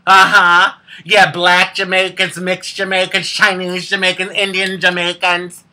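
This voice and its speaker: Sassy woman with a sharp voice. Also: fairly low pitch, completely flat delivery, measured pace. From United States. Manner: sassy, candid, laughs often. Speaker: vlogger. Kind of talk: casual storytelling to camera.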